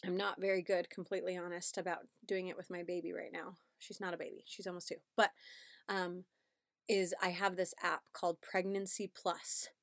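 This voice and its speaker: A woman's voice: lowish voice, flat delivery, normal speed, no room sound, clean studio sound. A pregnant woman in her thirties hosting a casual parenting podcast, chatty and upbeat, often checking in with "right?". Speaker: podcast host.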